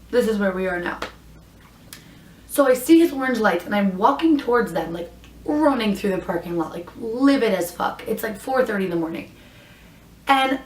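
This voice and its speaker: A young woman telling a story on her vlog in a casual, animated way, swearing often and acting out what other people said. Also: medium pitch, echoey room. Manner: animated, profane, acts out others' lines in quotes. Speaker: vlogger.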